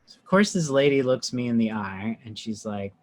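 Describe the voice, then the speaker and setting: A man, a meditation teacher, guest on a podcast, telling a story in a chatty, animated way with many asides. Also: mid-range voice, moderate pace. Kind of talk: casual storytelling.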